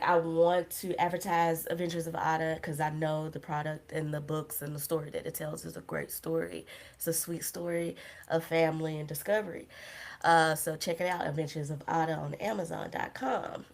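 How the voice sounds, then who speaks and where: Low-voiced woman rambling on a livestream. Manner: rambling, self-deprecating, laughs often, drifts into tangents. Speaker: podcast host. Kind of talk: casual solo livestream chat.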